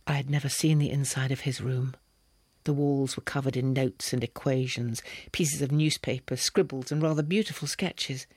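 Slightly husky male audiobook narrator. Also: mid-range voice, steady tone, normal speed, darkish tone, no room sound, studio quality. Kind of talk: scripted narration.

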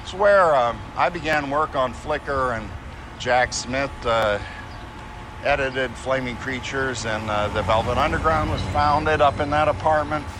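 A man in his sixties recording outdoors on a city street, talking in a rambling way with many pauses and fillers. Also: medium pitch. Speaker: field recordist. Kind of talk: casual spoken commentary. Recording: loud street traffic behind.

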